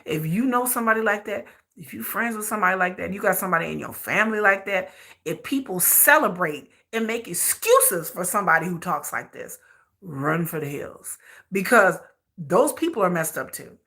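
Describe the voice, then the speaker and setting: A woman's voice: fairly low pitch, lively intonation, normal speed, pushed and bright. A woman hosting a commentary channel, delivering blunt, emphatic opinions in a repetitive style.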